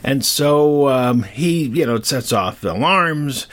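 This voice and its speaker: A man's voice: medium pitch, slow pace. An older man telling a myth in a casual, rambling way, often wandering into asides. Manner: rambling, digressive, animated. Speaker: storyteller. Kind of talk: casual storytelling.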